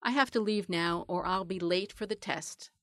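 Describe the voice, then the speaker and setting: A woman's voice: lowish voice, normal speed, a bit bright, no echo, natural voice. Earnest lizard girl, as a woman reads her, plain and matter-of-fact, dry close sound. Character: earnest female lizard, aspiring reporter.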